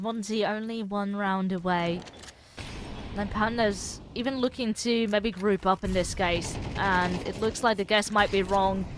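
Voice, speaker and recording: A woman calling fast play-by-play as co-caster of a live esports match, laughing easily. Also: medium pitch, fairly bright tone, a little hiss or hum.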